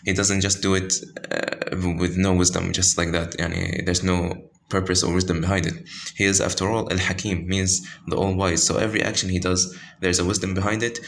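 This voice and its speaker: Very low-voiced man teaching tajweed. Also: flat delivery, vocal fry, fairly bright tone, slight background noise. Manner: halting, many fillers and self-corrections. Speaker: Quran recitation teacher. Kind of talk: informal tajweed lesson with screen pointing.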